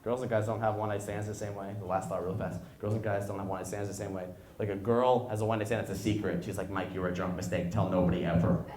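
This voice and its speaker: A man in his twenties doing an animated stand-up set in a bar, jumping into loud high voices for the people he quotes. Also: rapid-fire, few pauses, a little hiss or hum. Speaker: stand-up comedian. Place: bar and grill comedy night. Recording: echoey room, stage mic. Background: audience laughter.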